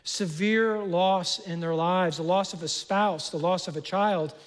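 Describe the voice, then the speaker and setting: A middle-aged man preaching a sermon as pastor, earnest, often restarting and repeating words, dropping soft and low on painful words. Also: steady tone, a little slow. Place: large church auditorium. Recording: long hall reverb.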